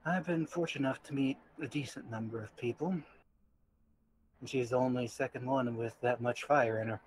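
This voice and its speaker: A man voicing a gentle, earnest old male spider in a tabletop game, with a soft-spoken manner. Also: mid-range voice, steady tone, brisk, a little hiss or hum, lightly acted, poor audio.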